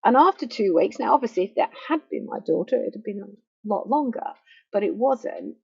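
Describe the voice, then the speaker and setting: Woman, middle-aged, grief counsellor, earnest, emphatic, husky voice, dull lo-fi microphone. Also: mid-range voice, expressive, normal speed, no room sound. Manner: earnest and emphatic, repeating phrases for stress. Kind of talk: personal teaching talk. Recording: muffled faulty microphone.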